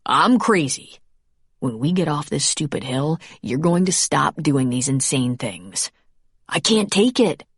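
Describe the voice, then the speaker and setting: A woman's voice: deep voice, sing-song, unhurried, slightly rough, no room sound, studio quality, heavily acted. A woman narrator voicing a protective man who is tender and determined. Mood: tender urgent.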